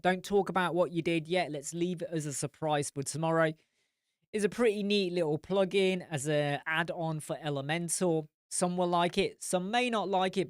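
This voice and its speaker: A man with an English accent that mixes northern and southern, hosting a live stream chat and answering viewer comments in a blunt, animated way that swears freely. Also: fairly high pitch, smooth, no room sound, studio quality. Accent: English, mix of northern and southern.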